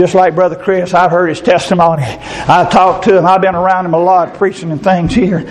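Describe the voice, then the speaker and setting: Older pastor, man, fervent sermon delivery, slightly high voice, shouting peaks. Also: fairly even intonation, moderate pace, few pauses.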